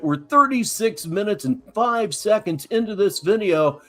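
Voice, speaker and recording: A man's voice: high-pitched, lively intonation, normal speed, fairly bright tone, soft background music. A man hosting a live stream, mocking a video clip with sarcastic, chuckling commentary from a golf course.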